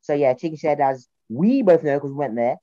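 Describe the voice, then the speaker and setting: Low-voiced South London woman, chatty. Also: brisk, dry recording, lo-fi sound. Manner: animated storyteller, acts out quotes in voices. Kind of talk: casual chat.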